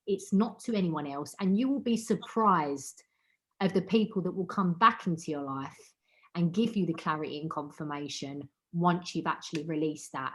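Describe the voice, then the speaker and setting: A woman with a lowish voice hosts an online wellbeing meeting over a video call. Her motivational talk is heartfelt and emotional, and she repeats words for emphasis.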